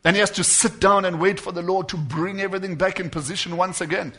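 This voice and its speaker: A man preaching a sermon to his congregation, shifting between hushed and loud passages and stretching words slowly for emphasis. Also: sits high, steady tone.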